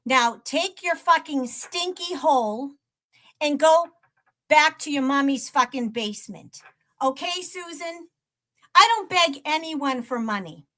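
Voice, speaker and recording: A livestream host curses at a troll and taunts him, laughing between jabs in a profane, mocking rant. Her voice sits high, pushed and bright, animated but a little slow.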